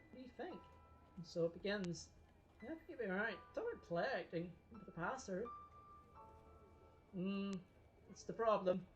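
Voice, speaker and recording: A woman streamer reads a game's story aloud during a live stream. She breaks in now and then with casual asides. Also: medium pitch. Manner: casual asides between narration.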